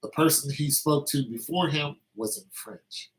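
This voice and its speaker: A man's voice: fairly high pitch, measured pace, low-quality recording. A man talking in a casual, meandering monologue, telling anecdotes with lots of fillers.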